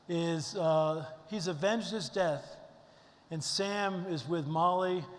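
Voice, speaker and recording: An older man giving an inspirational luncheon speech as keynote speaker, folksy and heartfelt as he tells stories. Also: fairly high pitch. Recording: long reverb in a large hall.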